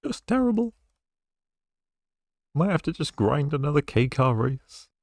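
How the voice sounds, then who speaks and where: A man with a softened Welsh accent, chatting casually and rambling while he streams a racing game. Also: mid-range voice, normal speed, no room sound. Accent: Welsh, Newport area, softened toward English. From Wales. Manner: rambling and chatty, with frequent fillers and restarts.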